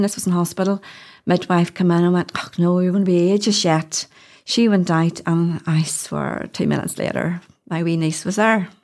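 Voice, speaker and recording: A middle-aged woman with a Northern Irish accent, a doula telling her story in a chatty interview, laughing often. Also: on the low side. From Northern Ireland. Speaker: doula, podcast guest. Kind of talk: casual interview chat.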